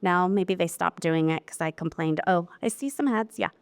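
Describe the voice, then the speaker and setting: A woman presenting a live technical seminar to an audience. She talks in a chatty, lively way and acts out quotes from her clients. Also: lowish voice, a little fast, smooth. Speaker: wine lab specialist presenting a seminar.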